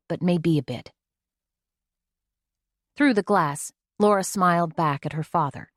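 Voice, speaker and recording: A woman's voice: fairly low pitch, dry recording, studio quality. A woman narrating an audiobook in a scripted reading style, giving the characters' dialogue in her own voice.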